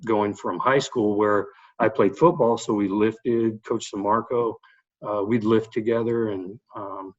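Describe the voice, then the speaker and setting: In a laid-back podcast conversation, a middle-aged guest who works as a baseball head coach recalls his playing days through animated anecdotes sprinkled with fillers. His voice sits on the low side, and the recording is lo-fi.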